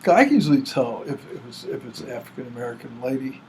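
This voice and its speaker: A man's voice: mid-range voice, sing-song, racing, a little hiss or hum. An almost eighty-year-old man chatting casually and amusedly, who enjoys doing dialects. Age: older, near 80. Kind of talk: casual chat.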